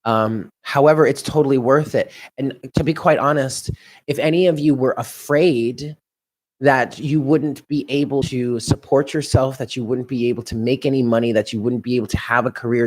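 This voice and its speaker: In a mid-range, steady voice that runs a little fast, a New York-accented tarot reader works through a live reading. He talks in a chatty, musing way and laughs to himself often.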